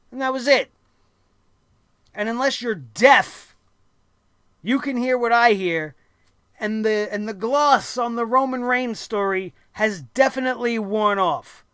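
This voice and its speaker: Blunt, profane wrestling show ranter. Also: male voice, high voice, unhurried, a bit bright, clean tone, dry recording. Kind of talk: ranting show review.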